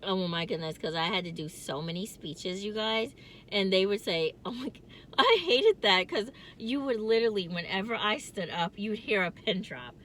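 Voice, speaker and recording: A woman's voice: medium pitch, moderate pace, a bit bright, a little hiss or hum. A woman vlogging from her car in casual chat, with a distinctive nasal voice, rambling and laughing often.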